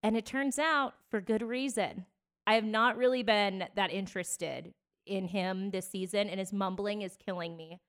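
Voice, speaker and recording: A chatty woman co-hosting a casual podcast. She tells stories with an easy laugh in a middle-pitched voice. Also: normal speed. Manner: chatty storyteller, laughs easily. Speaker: podcast co-host. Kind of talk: casual chat.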